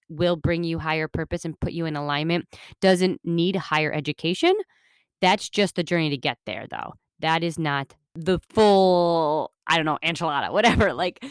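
Low-voiced earnest woman podcaster. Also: smooth, no room sound, clean studio sound. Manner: earnest, rambling, filler-heavy, motivational. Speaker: podcast host. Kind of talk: casual self-help podcast talk.

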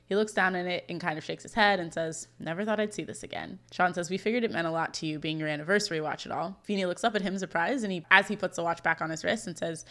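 A woman co-hosting a podcast, retelling a sitcom scene and reading its lines aloud in a lively storytelling way, then chatting casually. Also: fairly low pitch, a little fast. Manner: reads script lines aloud in an animated storytelling way. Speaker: podcast co-host recapping episodes. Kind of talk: casual chat and scene recap.

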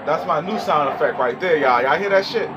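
A man's voice: fairly high pitch, lively intonation, fairly quick, highs cut off, background noise. A young man telling a story and ranting in a casual, profane, heated way straight to his viewers. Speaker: vlogger.

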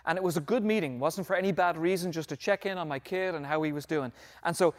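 High-voiced preacher, earnest. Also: male voice, fast. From Ireland. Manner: earnest storytelling, swells louder on key phrases, drops to a near whisper at times. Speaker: pastor. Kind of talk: sermon.

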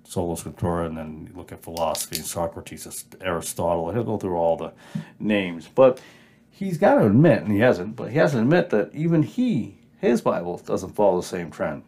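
A man's voice: low-pitched, expressive, normal speed, dark tone, breathy edge. A man with a North Dakota accent hosting a podcast, arguing emphatically and rambling over a home mic setup. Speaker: podcast host. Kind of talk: casual solo commentary on Bible versions. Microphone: amateur home mic, moves off-mic when turning.

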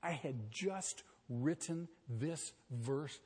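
Husky-voiced man preaching with fervor. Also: fairly high pitch, animated, drawn-out words, big-room sound. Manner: emphatic, swings between quiet and loud, rhetorical questions. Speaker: pastor. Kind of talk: sermon.

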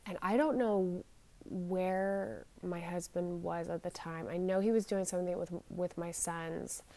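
A woman in her forties, somewhat low-pitched, recounts a personal ordeal straight to the camera. Her speech stumbles and restarts constantly, with fillers between the halting phrases. She sounds shaken and anxious as she goes on. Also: steady tone, mellow. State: shaken and anxious while telling it. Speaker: vlogger. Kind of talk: personal storytelling.

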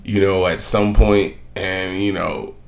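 Young guy ranting on his podcast, low voice, swears a lot, rambles all over. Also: flat delivery, slow pace, vocal fry. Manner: profane, blunt, rambling. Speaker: podcast host. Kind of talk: casual solo podcast rant.

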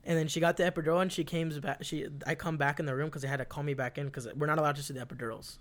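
A man's voice: fairly high pitch, fairly even intonation, very fast. A young man telling a long story in casual, rambling talk, swearing constantly and leaning on fillers like "like". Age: young adult. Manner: profane, rambling, lots of fillers.

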